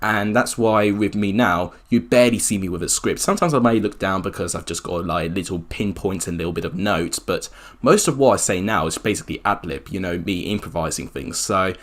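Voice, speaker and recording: A man's voice: a little fast, fairly bright tone. A young man around twenty who chats casually while reacting to his old video and pokes fun at himself. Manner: chatty, self-mocking, jumps up in pitch when surprised. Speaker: YouTuber.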